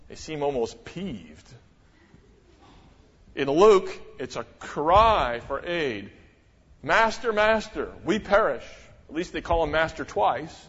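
A middle-aged man preaching with animated, pointed rhetorical questions, his voice sitting a little high. The sound is muffled and dull, and a long church-hall reverb trails each phrase. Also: drawn-out words, long pauses, slightly rough. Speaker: pastor. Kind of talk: sermon.

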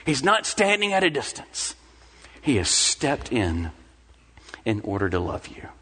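A man's voice: medium pitch, wildly swooping pitch, a little slow, fairly bright tone, a little hiss or hum. A young adult man preaching a sermon as pastor. He speaks earnestly and repeats phrases for emphasis. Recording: long hall reverb.

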